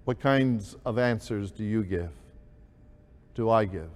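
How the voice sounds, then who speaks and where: A man preaching a sermon, slow and deliberate, with emphatic rises on key words. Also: on the low side, a little mellow, in a large hall. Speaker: pastor.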